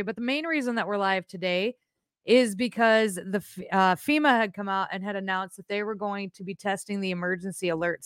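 A woman hosting a live podcast stream, chatting casually in a blunt, animated way, with rambling asides and swearing. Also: mid-range voice, clean tone, dry recording, clean studio sound. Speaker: podcast host.

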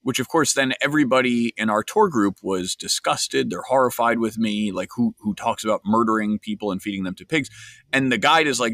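A man's voice: mid-range voice, a little fast, fairly bright tone, no room sound. Man with a dry, conversational delivery. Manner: conversational, wry, with fillers and restarts. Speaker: podcast host. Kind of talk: casual storytelling and commentary.

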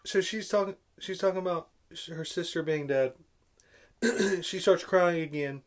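A man's voice: high-pitched, measured pace. A man ranting in film commentary, sarcastic and exasperated, repeating his complaints. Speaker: movie reviewer.

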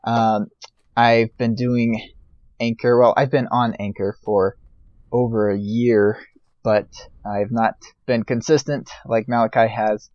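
A man answering as a guest in a casual podcast interview, hesitant, with many pauses for uh and um. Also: mid-range voice, level tone, a little mellow, dry recording. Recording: dull lo-fi audio.

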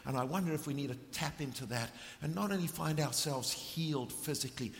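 A middle-aged man preaches with fervent conviction, his voice sitting fairly high for a man. He swings between ringing emphasis and hushed, intense moments. The sound carries a long reverb from a large church hall. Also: fairly quick, gravelly. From South Africa. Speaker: visiting preacher. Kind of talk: sermon with storytelling.

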